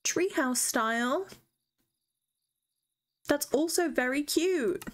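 A woman's voice: high voice, animated, slow. A young woman chats her way through a gaming session, gushing and chatty. She talks to herself and to the creatures she meets, squealing over cute things and musing over her choices. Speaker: gaming streamer. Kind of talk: casual gameplay chat.

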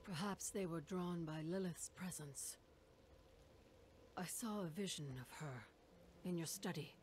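Give me a woman voicing a young dark-fantasy heroine who sees visions, soft and measured, her voice sitting fairly low. A faint hiss lies behind her. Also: close to an everyday voice. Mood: uneasy. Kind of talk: game cutscene dialogue.

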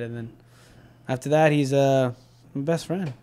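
A young man from Southern California tells a story as a podcast guest, his voice sitting at an everyday middle pitch. He talks in a loose, animated way, swearing freely and acting out what other people said. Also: a little slow, clean tone. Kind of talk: casual storytelling chat.

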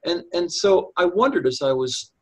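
A man's voice: sits high, animated, normal speed, rough recording. A man from New Hampshire, a guest telling a personal story in an earnest, vivid way, acting out what was said. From New Hampshire, United States.

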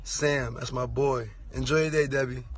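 A man's voice: mid-range voice, fairly even intonation, moderate pace, slightly rough. A man from the United States sending a birthday message, earnest and heartfelt. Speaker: family friend sending a greeting. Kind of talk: casual spoken message.

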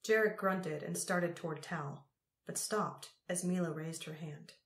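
A woman narrating an audiobook in a measured, unhurried way. Her voice sits somewhat low. The recording has a roomy echo around it.

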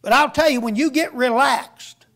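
Man, sermon, folksy storyteller, very high voice, gravelly. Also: normal speed, fairly bright tone. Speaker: guest preacher.

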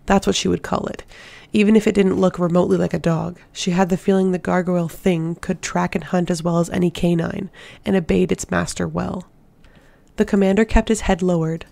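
Audiobook narrator, fantasy novel reading, gravelly voice, flat delivery, dry close sound. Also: medium pitch, dry recording. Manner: steady, measured narration.

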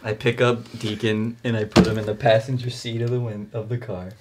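A man playing in a tabletop game, calmly describing what his character does step by step. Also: fairly low pitch, a little fast, background noise. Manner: descriptive, relaxed narration of his actions. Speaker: player.

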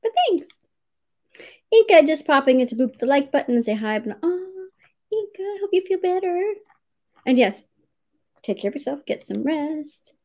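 A cheerful woman hosts a livestream from home, greeting viewers one by one and reading their comments aloud. Her voice sits high and swoops up and down with lively expression, and she laughs often between names. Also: normal speed, pauses often. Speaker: livestream writing sprint host.

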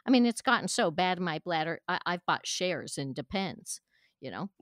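A woman's voice: on the low side, big pitch swings, moderate pace, fairly bright tone, no echo, clean studio sound. An older woman, a comedian guest, chatting casually and telling punchy stand-up jokes, acting out the voices of people she quotes. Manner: punchy joke delivery, acts out quoted voices.

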